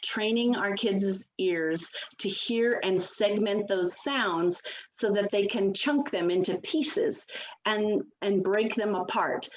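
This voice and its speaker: A woman's voice: mid-range voice, slight background noise. Woman coach on dull call audio. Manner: explanatory, points things out to viewers. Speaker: literacy coach. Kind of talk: explaining teaching method. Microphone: video call.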